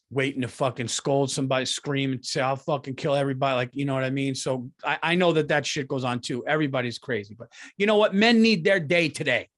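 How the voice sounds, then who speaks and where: A middle-aged man hosting a comedy podcast, telling stories in an animated, profane rant. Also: medium pitch. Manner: profane, heated, ranting.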